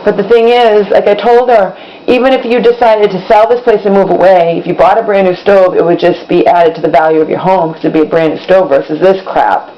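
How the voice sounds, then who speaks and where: A woman's voice: mid-range voice, fairly even intonation, fairly quick. Rambling exasperated woman vlogging at home. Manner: rambling, repeats herself, exasperated. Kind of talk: casual vlog monologue. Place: home kitchen. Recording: slightly dull, faint background hum.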